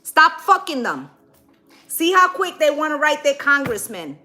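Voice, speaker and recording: A woman with a high voice talks through a tarot spread in a loose, casual way. She is blunt and profane, and she peppers her points with "right?" and "okay?". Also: very animated, measured pace, sharp tone, soft background music. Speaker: tarot reader. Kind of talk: casual tarot reading with commentary.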